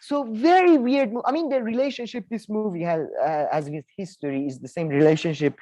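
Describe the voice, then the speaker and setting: A man co-hosting a casual film review chat, rambling with many restarts and animated asides. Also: high voice, brisk, no room sound. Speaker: co-host.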